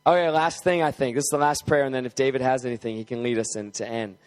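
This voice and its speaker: A young adult man preaching a sermon and leading group prayer, casual and conversational, then fervent and building to shouted exclamations. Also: mid-range voice, fairly even intonation, fast talker. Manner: casual, conversational with filler words. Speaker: guest preacher.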